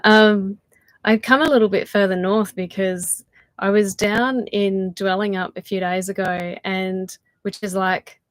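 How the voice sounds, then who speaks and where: A tired woman with an Australian accent, chatting casually with viewers on a livestream, laughing often and trailing off into soft asides. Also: medium pitch, steady tone, measured pace, no room sound, rough recording. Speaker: channel host doing a livestream. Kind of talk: casual live chat with viewers.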